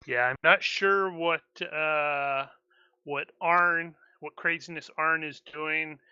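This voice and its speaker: Sharp-voiced male player, lo-fi mic. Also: a little high, fairly even intonation, slow, clean tone, no echo. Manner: joking, incredulous questioning. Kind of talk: casual tabletop play.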